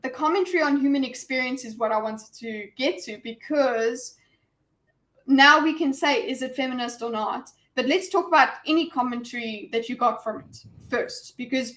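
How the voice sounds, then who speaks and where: A woman leading a casual group chat about films, with a slightly higher voice. She is animated and bursts into mock quotes to make her point. She comes through a video call. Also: normal speed. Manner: animated, acts out quoted lines. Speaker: discussion host. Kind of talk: casual online group discussion.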